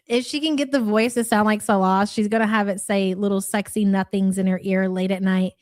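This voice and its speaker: A woman's voice: mid-range voice, steady tone, brisk, darkish tone. A woman co-hosting a casual online chat, gossiping and mocking with frequent laughter. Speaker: co-host.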